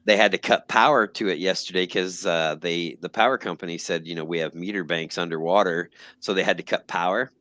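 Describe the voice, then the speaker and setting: A man's voice: low voice, fairly quick, hardly any pauses, bright, forceful tone, dry recording. A man co-hosting a podcast, telling stories in casual conversation. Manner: storytelling, conversational. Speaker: podcast co-host. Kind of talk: casual chat.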